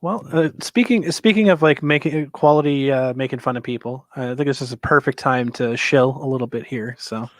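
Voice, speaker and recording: A man co-hosting a casual chat show, giving a laid-back, upbeat pitch for the show's merchandise. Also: brisk, few pauses, no echo. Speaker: podcast co-host.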